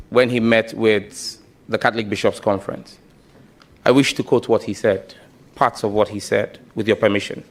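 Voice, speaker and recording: A man answering questions at a formal parliamentary vetting, emphatic and impassioned. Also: mid-range voice. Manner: emphatic and impassioned, stumbles at the start. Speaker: ministerial nominee at a parliamentary vetting. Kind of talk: formal hearing testimony.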